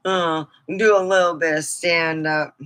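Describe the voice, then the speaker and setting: A woman's voice: low-pitched, fairly even intonation, measured pace, a bit bright. A middle-aged woman vlogger in rambling, joking casual chat, laughing often.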